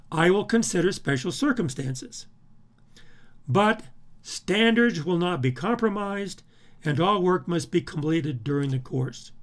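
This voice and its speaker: A male university professor walking through a course syllabus, emphatic, with frequent restarts and repeated words. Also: fairly high pitch. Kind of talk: recorded syllabus walkthrough.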